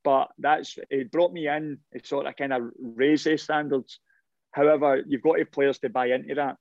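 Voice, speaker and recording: A man's voice: fairly high pitch, normal speed, gravelly, no room sound. A middle-aged man recounts his playing days in a loose, rambling way, doubling back on his words as he goes. The sound is dry and close with a slightly muffled, dull top end. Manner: rambling, animated anecdotes with repeated restarts. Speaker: former professional footballer. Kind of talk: casual interview storytelling.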